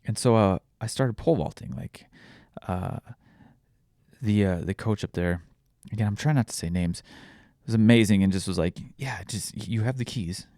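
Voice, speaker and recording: A young man with a very low voice speaks candidly about his own life, swearing freely and restarting sentences as he works through it. The sound is close and dry, with no room around him. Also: mellow, smooth, no room sound. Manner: frank, swears often, halting restarts. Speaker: podcast host. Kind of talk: candid personal storytelling.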